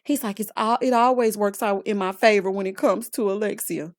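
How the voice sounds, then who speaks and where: A woman's voice: mid-range voice, brisk, no room sound, clean studio sound. A woman vlogger giving a sassy, exasperated recap of a reality show, talking casually to her viewers. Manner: sassy, exasperated, calls viewers honey and child.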